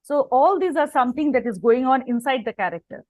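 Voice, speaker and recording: A woman with an Indian English accent leads an online storytelling workshop and prompts the participants in an encouraging, halting way with many fillers. Her voice is fairly high, and the video-call sound is close and dry. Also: expressive, a little mellow, dry recording, low-quality recording.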